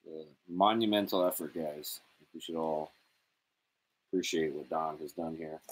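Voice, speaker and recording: A man with a low, deep voice trades blunt, sarcastic quips. He swears freely and keeps things loose and conversational. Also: steady tone, unhurried. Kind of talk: casual chat.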